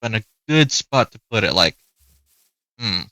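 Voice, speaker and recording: Bright-voiced chatty gamer guy. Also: fairly low pitch, sing-song, a little slow, no room sound. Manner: chatty, talks to the game's animals. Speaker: gaming youtuber. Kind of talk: casual gameplay commentary.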